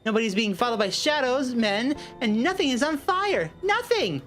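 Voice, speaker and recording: A man doing a high, anxious hippie girl. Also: sing-song, moderate pace, fairly bright tone, soft background music, exaggerated voice. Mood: nervous. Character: frightened young hippie woman.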